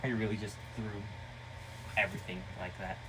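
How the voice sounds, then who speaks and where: A man chatting casually as a vlogger, excitable and rambling, with restarts and sudden loud outbursts. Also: lowish voice, normal speed, heavy background noise. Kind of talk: casual vlog chat.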